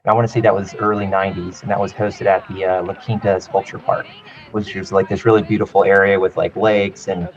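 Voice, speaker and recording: A man in his thirties from California, telling relaxed, rambling stories as an interview guest and often saying "like" and "you know". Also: sits low, fairly quick. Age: 30s. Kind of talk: casual interview storytelling. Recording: dull lo-fi audio.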